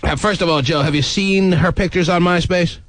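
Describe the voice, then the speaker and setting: A man's voice: sits high, fairly even intonation, normal speed, noisy background. Teasing male radio show host. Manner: teasing, blunt, rambling. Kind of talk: casual talk radio banter.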